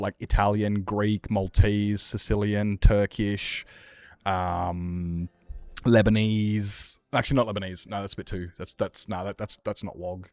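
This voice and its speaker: An Australian man streaming a game, chatting casually in a rambling, sweary, animated way. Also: on the low side, dry recording. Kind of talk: casual chat while gaming.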